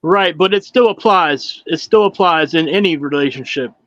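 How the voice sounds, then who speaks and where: A man's voice: fairly high pitch, normal speed, a bit bright, dry recording, muffled recording. A middle-aged man on a panel, speaking earnestly with hesitant fillers and restarts. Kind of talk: casual panel chat.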